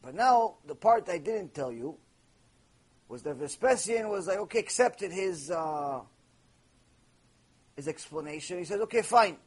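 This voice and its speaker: A man's voice: on the high side, lively intonation, a little slow, pauses often, breathy edge. A man teaching Torah in a storytelling lecture, repeating phrases and mixing in Hebrew terms.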